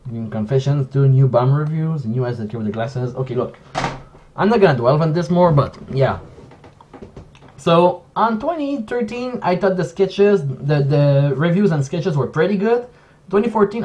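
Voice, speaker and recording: Halting non-native English man, slightly high voice. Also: darkish tone. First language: not English. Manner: halting, self-correcting, hesitant. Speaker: video essayist. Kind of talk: casual commentary vlog.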